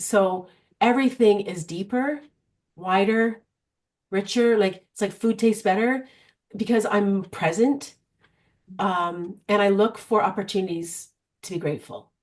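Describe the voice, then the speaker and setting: Middle-aged female coach, mid-range pitch, lively storyteller in an interview. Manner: animated, storytelling, frequent restarts. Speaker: guest, vision board coach. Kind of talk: conversational interview.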